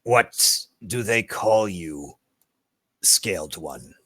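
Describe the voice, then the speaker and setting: A man's voice: deep voice, expressive, bright, forceful tone, dry recording, voice pushed down, exaggerated voice. A solemn lizardfolk hunter in a tabletop game, each formal phrase drawn out and weighed, as a man puts him on. The voice is dry and close, with no room sound. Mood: grave. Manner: slow, grave, measured speech.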